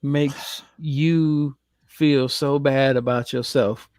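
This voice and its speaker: A man's voice: mid-range voice, steady tone, very slow, darkish tone, no echo, studio quality. A man co-hosting a casual sports podcast, needling and teasing his co-host.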